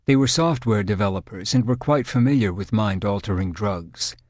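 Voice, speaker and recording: A man narrating an audiobook in a measured, clinical storytelling manner. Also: on the low side, darkish tone, no room sound, clean studio sound.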